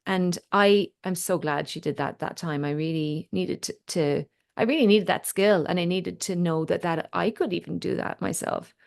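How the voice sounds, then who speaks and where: A woman's voice: fairly low pitch, normal speed, gravelly, hardly any pauses. An Irish woman coaching a small group in casual chat, a talker who tells stories and acts out what people said. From Ireland. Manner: chatty storyteller, acts out quoted speech. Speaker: voice and confidence coach.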